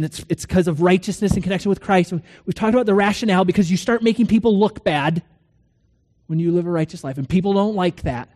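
A middle-aged man preaching a sermon, earnest, swinging between loud questions and hushed lines, telling stories with quoted dialogue. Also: sits high. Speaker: pastor.

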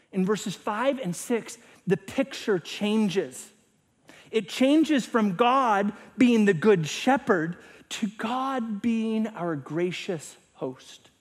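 Preaching in a high, breathy voice, this middle-aged man is a pastor whose sermon alternates between forceful, loud passages and quiet, almost whispered ones.

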